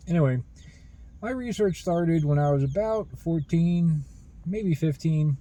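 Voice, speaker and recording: Earnest, halting man with a dark voice. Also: a little high, animated, poor audio. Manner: halting, many restarts and fillers, earnest. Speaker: spiritual video host. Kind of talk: rambling personal monologue.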